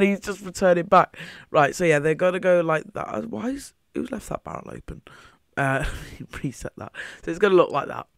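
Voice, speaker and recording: A man's voice: high voice, big pitch swings, takes it slowly, gravelly, long pauses, pushed and bright, dry recording, studio quality. Rambling man narrating gameplay. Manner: meandering, thinking aloud. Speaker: Minecraft builder commentating his own footage. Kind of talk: casual gameplay commentary.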